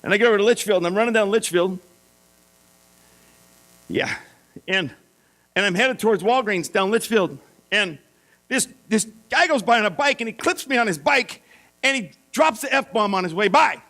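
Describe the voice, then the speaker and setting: A middle-aged male pastor telling a self-mocking story in a sermon, animated and playful. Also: high-pitched, normal speed, long pauses. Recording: mains hum.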